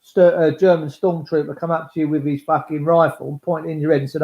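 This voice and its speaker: A man's voice: a little high, steady tone, fast, hardly any pauses, a little mellow. A man talking in a rambling monologue, blunt and coarse, swearing freely and acting out voices. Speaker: speaker addressing listeners. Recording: echoey, dull lo-fi recording.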